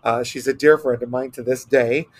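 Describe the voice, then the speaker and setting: A middle-aged man from Texas, a guest telling animated stories in a casual interview, acting out quotes as he goes. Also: mid-range voice, normal speed. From Texas, United States. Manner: animated anecdotes with acted-out quotes.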